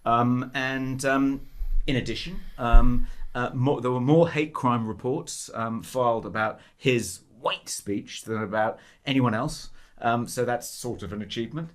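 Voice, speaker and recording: A man co-hosting a political podcast in a studio, sardonic and halting, full of ums. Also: mid-range voice. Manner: hesitant and sardonic, lots of ums, mocking quotes. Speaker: podcast co-host. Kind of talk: casual political chat.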